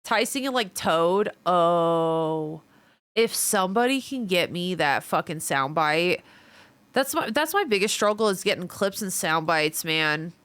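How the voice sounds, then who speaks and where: A woman's voice: lowish voice, lively intonation, a little slow, a bit bright, smooth, no echo. Chatty Midwestern woman streamer. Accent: Midwestern American. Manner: chatty, reads viewer messages aloud and swears casually. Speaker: livestreamer. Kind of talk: casual chat with viewers.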